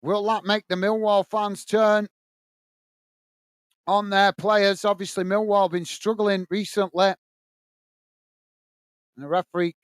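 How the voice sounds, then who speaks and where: A man's voice: high voice, little pitch movement, unhurried, long pauses, clear, resonant tone, dry recording. A man from England hosting a live football watch-along, scolding a commenter bluntly and then describing the play to viewers. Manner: blunt, irritated ranting at a commenter.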